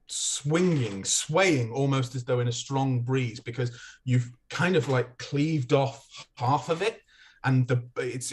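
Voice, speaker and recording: Husky slow-talking male game master. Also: medium pitch. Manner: halting, with many restarts and fillers while describing. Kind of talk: narrating a tabletop game.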